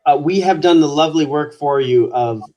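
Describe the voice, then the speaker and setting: A man from Wisconsin, telling stories as a guest on a video call, animated and quick to laugh. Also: on the high side, muffled recording. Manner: animated, laughing, swears casually. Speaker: guest actor. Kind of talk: casual storytelling in an interview.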